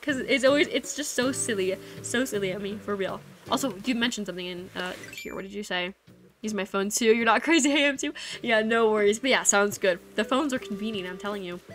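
A young woman streaming a game, chatting casually with viewers in a rambling, giggly way that keeps breaking off mid-thought. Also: mid-range voice. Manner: rambling, giggly, self-interrupting. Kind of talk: casual live-stream chat. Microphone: desk microphone. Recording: game music playing behind. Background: game music.

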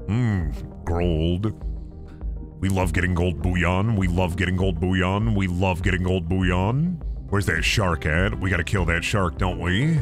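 A man's voice: sits low, normal speed, soft background music. A young man giving goofy, joking commentary on a game stream, swearing and laughing often.

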